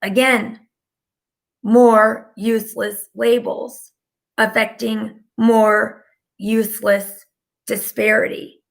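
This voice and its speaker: A woman's voice: a little high, little pitch movement, takes it slowly, vocal fry. A woman giving a casual, rambling live-stream talk as a spiritual channeler, filling her speech with "like". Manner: chatty and rambling, heavy use of "like".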